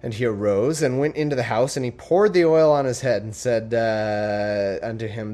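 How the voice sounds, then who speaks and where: A man's voice: mid-range voice, moderate pace, few pauses, dark tone. Wry man reading scripture with sarcastic asides. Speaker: podcast host reading scripture. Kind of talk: comedic Bible reading with commentary.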